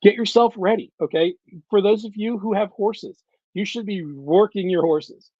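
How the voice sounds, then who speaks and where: A man's voice: high voice, moderate pace, no room sound, dull audio. Earnest man giving a livestream briefing. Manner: earnest, repetitive, coaching tone with frequent "okay?" and "all right, guys". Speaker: event organizer addressing reenactors.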